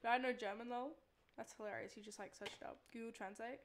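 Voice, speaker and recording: A woman's voice: a little high, steady tone, a little fast, slight background noise. Exasperated Australian woman streamer. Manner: exasperated, pleading, talks to chat. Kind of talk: casual live-stream gaming chatter.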